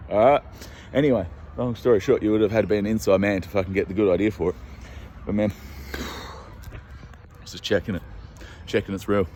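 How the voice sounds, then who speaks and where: A man's voice: fairly low pitch, steady tone, a little fast, long pauses, mellow, a little hiss or hum. An Australian man rambling on edge in a monologue, swearing heavily and sounding scared as he paces outdoors. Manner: rambling, agitated, heavy swearing. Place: outdoors on a city street, walking and pacing.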